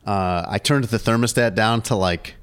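A man's voice: fairly low pitch, normal speed, fairly bright tone, clear, resonant tone. A man co-hosting a casual sports podcast, chatty and rambling, laughing often between asides. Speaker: podcast co-host.

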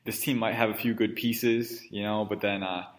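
A man's voice: on the low side, fairly even intonation, moderate pace. A man hosting a sports podcast, talking casually in a loose, rambling way with plenty of fillers. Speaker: podcast host.

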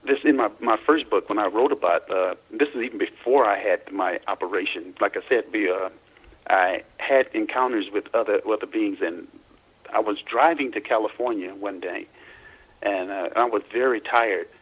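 Husky-voiced man telling his story haltingly. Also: fairly low pitch, a bit bright, rough recording. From Louisiana, US. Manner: halting, repeats and restarts words. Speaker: interview guest. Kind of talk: recounting personal experiences.

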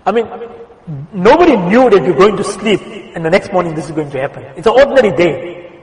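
Earnest male preacher in an echoey hall. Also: sits high. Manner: earnest storytelling, slowing and softening for quoted words. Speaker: imam giving a Friday sermon. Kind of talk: sermon. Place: mosque prayer hall. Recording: echoey hall with long reverb.

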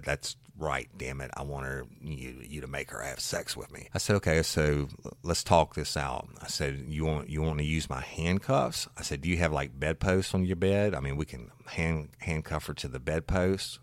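A man who was a police officer, casually telling a story from a call, swearing and getting louder as he goes. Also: extremely low pitch, no echo, clean studio sound. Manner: animated, swears, growing louder in retelling.

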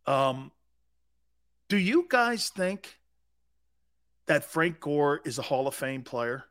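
A man's voice: on the high side, slow, dry recording, clean studio sound. Emphatic male sports radio host. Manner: storytelling, emphatic repetition, rising excitement. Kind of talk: animated sports talk radio.

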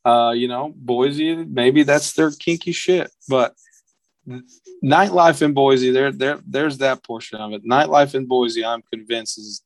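This young podcast guest narrates a story in easygoing chat, his mid-range voice close-miked and dry, with no room sound. Quotes get acted out in a livelier, higher voice, and he talks slightly slowly.

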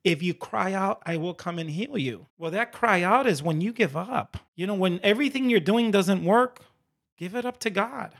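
Man, a bit high-voiced, earnest testimony guest who acts out his dialogues with God. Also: moderate pace, gravelly. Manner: animated storyteller who acts out his prayers and God's replies. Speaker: guest sharing a faith testimony.

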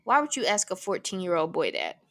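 A young adult woman co-hosts a podcast, recapping an episode in casual chat, sarcastic and giggly, often talking over her co-host. Her lowish voice swoops wildly in pitch, a little fast and fairly bright.

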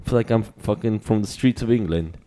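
A brash young English street lad, swearing freely and grumbling loudly, as a man puts him on. The voice sits low and dark, and the lines come hard and rough. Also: fairly quick, close to an everyday voice. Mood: swaggering.

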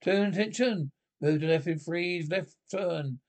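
A man's voice: on the high side, a little slow. An actor playing a stern middle-aged male army drill sergeant, barking parade-ground drill commands in a 1950s British film comedy. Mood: commanding.

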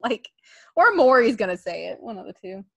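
A woman co-hosting a casual podcast, laughing often and acting out quotes in an animated way. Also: on the high side, a little fast, creaky, breathy edge, no room sound. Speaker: podcast co-host. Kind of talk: casual wrestling podcast chat.

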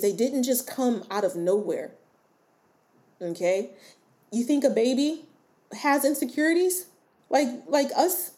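Candid, mellow-voiced woman podcast host. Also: medium pitch. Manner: candid and conversational, with frequent "like" and short laughs; coaxing, often checks in with the listener. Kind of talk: casual self-help podcast monologue.

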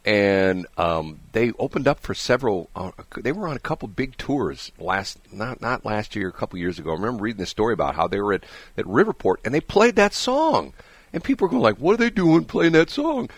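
A man's voice: on the low side, a little fast, husky, no room sound. A man hosting a morning radio show, chatting casually and telling rambling stories with chuckles in a studio. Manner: rambling, animated storytelling with chuckles.

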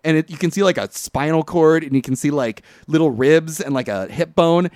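A man's voice: a little high, a little fast, dry recording. Man, podcast co-host, casual movie recap, rambling, swears a lot, dry close sound. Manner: rambling, profane, animated retelling.

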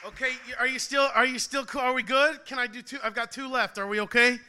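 A man's voice: very high-pitched, fairly even intonation, quick pace, pushed and bright, smooth. A young man, a performance poet, delivering spoken-word poetry live with a rhythmic, emphatic style and loose, joking banter between pieces. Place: live venue before an audience.

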